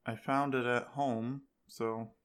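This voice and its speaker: A woman player in a tabletop game with a strikingly low voice. She speaks in an easygoing way, with dry little asides. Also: fairly even intonation, takes it slowly.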